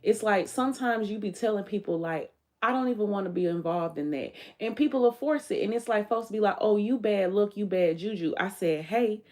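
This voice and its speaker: A woman's voice: mid-range voice, lively intonation, brisk, hardly any pauses, a little mellow. A woman hosting her own livestream, talking bluntly and emphatically in a candid, profane monologue, often quoting what she told others. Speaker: livestream host.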